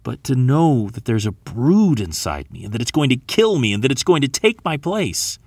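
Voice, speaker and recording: A man's voice: mid-range voice, very animated, moderate pace, a little mellow, husky, no echo, clean studio sound. A man voicing a frightened teenage girl who pleads in an upset way. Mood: upset, pleading.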